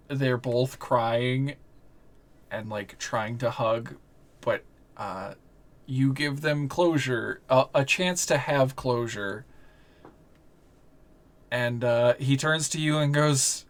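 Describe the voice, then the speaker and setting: A game master narrates a tabletop game slowly and loosely, full of fillers and restarts. The voice sits in a middle pitch. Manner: relaxed, rambling narration with fillers.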